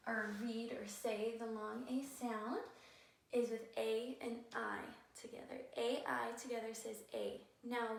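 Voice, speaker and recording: A woman teacher giving a patient phonics lesson to young children, sounding words out slowly and carefully. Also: on the high side, vocal fry. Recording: echoey room, voice a bit far from the mic.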